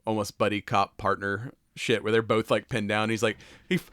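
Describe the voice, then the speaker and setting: A man's voice: lowish voice, little pitch movement, moderate pace, a bit bright, no echo, clean studio sound. A man co-hosting a podcast, recapping a movie in casual chat, loose and swearing, with lots of fillers. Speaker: podcast co-host.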